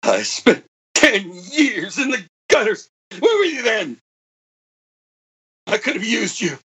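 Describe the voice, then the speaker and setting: A man's voice: on the high side, animated, unhurried, fairly bright tone, slightly rough, heavily acted. An actor playing a bitter old man who was once a computer prodigy, delivering a dramatic monologue that swings from wry to anguished. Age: older.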